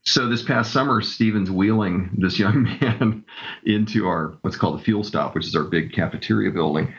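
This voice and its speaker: A man's voice: on the low side, moderate pace, lo-fi sound. A man telling stories with enthusiasm as a guest in a casual interview. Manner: enthusiastic storyteller. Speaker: camp director guest.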